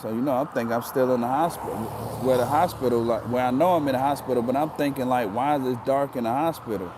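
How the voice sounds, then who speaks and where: A man's voice: medium pitch, fast, background noise. A man telling a personal story in a casual, earnest way, often repeating himself for emphasis.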